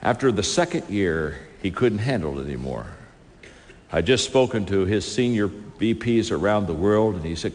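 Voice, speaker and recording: A man's voice: fairly low pitch, expressive, normal speed, darkish tone. A man telling a story from the stage in a sermon, acting out the dialogue with lots of animation. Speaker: speaker. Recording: reverberant hall, faint ambience.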